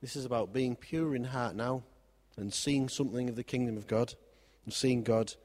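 A man's voice: medium pitch, normal speed, darkish tone. Male preacher in a reverberant hall. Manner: wry and conversational, with repeated phrases. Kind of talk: sermon.

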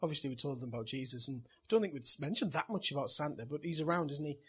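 A middle-aged pastor delivers a sermon in a relaxed, chatty way, drifting into personal anecdotes and chuckling at his own stories. His voice sits slightly high with a husky, somewhat rough edge, and he races along.

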